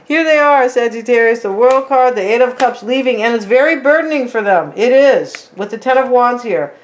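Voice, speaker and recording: A woman with a somewhat high voice talks her viewers through a tarot spread. Her delivery is loose and chatty, full of "like" and "right?", and she speaks to the audience directly as "you guys.". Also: moderate pace, muffled recording. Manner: chatty, tags lines with "right?" and "like". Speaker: tarot reader. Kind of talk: casual tarot reading to viewers.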